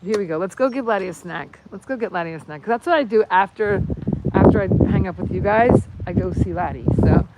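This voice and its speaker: A woman's voice: mid-range voice, fairly quick. A woman on a casual livestream, rambling and playful as she talks to her viewers on her phone. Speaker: vlogger. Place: outdoors at a horse barn. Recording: loud background noise outdoors.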